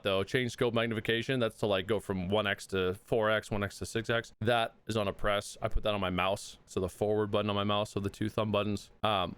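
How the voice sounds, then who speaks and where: A man's voice: lowish voice, smooth. A man giving a casual gaming tutorial, slightly out of breath, chatty and laid-back, with occasional mild swearing. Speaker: gaming video creator.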